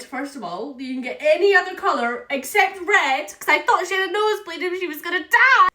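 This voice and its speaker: A young woman telling a story in a casual vlog, chatty and animated, with lots of "like" and "right?". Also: high voice. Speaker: vlogger. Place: room at home. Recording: echoey room, a bit far from the mic.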